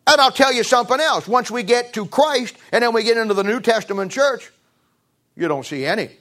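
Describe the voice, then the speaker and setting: A man preaching with a high voice. He drives points home with repetition, climbing to raised emphasis and then dropping low. His delivery is a steady sermon cadence. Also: a little fast. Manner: repeats phrases, restarts.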